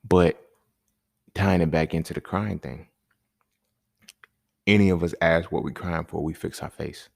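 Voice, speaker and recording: A man's voice: sits low, steady tone, unhurried, gravelly, pauses often, darkish tone, no echo, studio quality. A man hosting a podcast, talking in a casual, emphatic monologue full of slang and repeated points. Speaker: podcast host.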